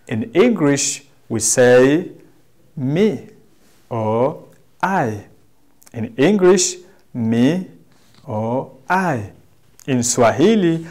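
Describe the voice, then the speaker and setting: Tanzanian guy teaching a class, super slow, voice bouncing up and down, kinda high. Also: darkish tone. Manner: slow, repeats words for a class to echo. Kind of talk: classroom language lesson.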